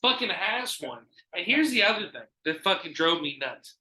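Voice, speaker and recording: A man hosting a podcast, telling stories in casual chat, animated and full of swearing. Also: high-pitched, normal speed, roomy sound, rough recording. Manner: animated, profane storytelling. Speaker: podcast host.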